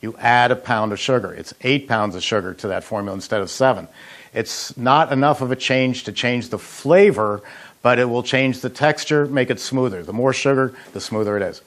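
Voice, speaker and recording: A man's voice: medium pitch, normal speed. Chatty man telling stories while demonstrating. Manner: folksy storyteller, chatty with frequent uh fillers. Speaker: ice cream machine company head demonstrating recipes. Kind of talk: casual cooking demonstration with anecdotes.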